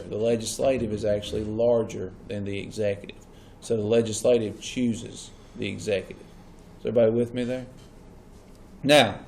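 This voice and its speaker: A man's voice: medium pitch, creaky, mellow, a little hiss or hum. A man teaching a class, often checking whether his students follow. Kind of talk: classroom lecture.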